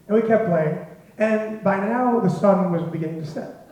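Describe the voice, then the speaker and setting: Guy telling a story to an audience, chuckles a lot, high-ish voice, super echoey hall. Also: moderate pace, darkish tone. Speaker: storyteller at a symposium. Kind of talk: spoken anecdote to a live audience. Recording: very echoey hall, dull lo-fi sound.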